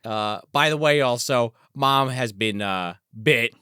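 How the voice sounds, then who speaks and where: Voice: mid-range voice, slow, pushed and bright, clear, resonant tone, dry recording, studio quality. A podcast co-host in a casual, swearing movie chat, acting out scenes in quoted voices. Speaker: podcast co-host reviewing a film.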